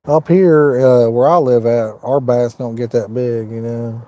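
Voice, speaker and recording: A man's voice: mid-range voice, fairly even intonation, measured pace, mellow. A man from Indiana, hosting a fishing live stream from inside his truck and chatting casually with viewers by name. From Indiana, United States. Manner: folksy, easygoing, talks to viewers by name. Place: inside a parked truck at night.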